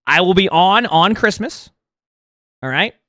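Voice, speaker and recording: A man's voice: sits high, expressive, a little slow, bright, forceful tone, no room sound, clean studio sound. A man streaming live, rambling casually and talking to his chat. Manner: rambling, chatty, talks to chat.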